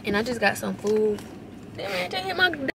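A woman's voice: high voice, animated, moderate pace, gravelly. A twenty-year-old woman vlogging in a chatty, gushing way, often calling her viewers y'all. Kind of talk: casual vlog chat. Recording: echoey room with background noise.

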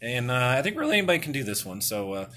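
A man's voice: mid-range voice, sing-song, racing, pushed and bright. A man casually talking through his hobby work, rambling with many fillers and self-corrections. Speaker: toy customizer.

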